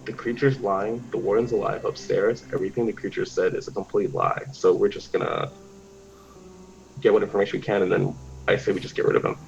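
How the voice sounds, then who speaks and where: A man's voice: on the low side, fairly even intonation, fairly quick, creaky, voice pushed down. A man voicing a scheming adventurer whispering plans. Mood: conspiratorial. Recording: dull lo-fi sound.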